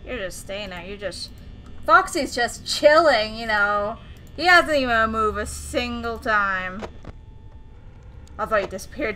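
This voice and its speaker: Female horror game host, jittery self-talk, bright tense voice, faint hiss underneath. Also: a little high, measured pace. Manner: jittery, talks to the game's characters, nervous self-talk. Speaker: gaming video host.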